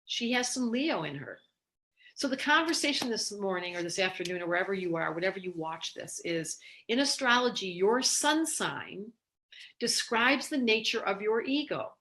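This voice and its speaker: A woman astrologer giving a casual, animated spoken lesson, telling candid stories in an expressive way. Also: mid-range voice, normal speed. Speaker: astrologer teaching.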